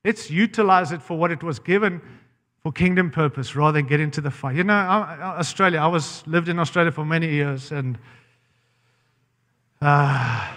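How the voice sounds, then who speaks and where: An American man preaches a sermon in a fairly high, slightly bright voice, blunt and impassioned, often cutting himself off mid-phrase to restart. A long reverb makes it sound as though he's in a large church hall.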